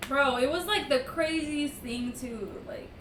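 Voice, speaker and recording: A woman's voice: sits high, a little slow. Chatty young woman in an echoey room. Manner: chatty, laughs often, peppered with "like". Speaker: streamer's girlfriend telling a story. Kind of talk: casual storytime chat. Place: room at home. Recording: echoey room, mic at a distance, faint hiss.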